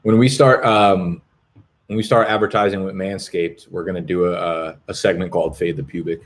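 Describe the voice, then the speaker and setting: A man's voice: sits low, fairly even intonation, moderate pace. A man in his twenties hosting a fantasy football live stream, chatting casually with viewers in a rambling, profane, jokey way. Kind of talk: casual live-stream chat reading comments. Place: apartment in Brooklyn.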